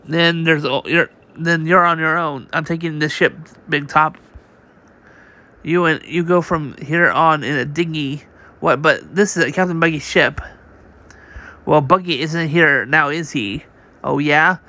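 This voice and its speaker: A man's voice: on the high side, steady tone, unhurried, pushed and bright. A man reading a comic aloud on his channel. His reading is casual and unpolished, with frequent restarts and read-out sound effects.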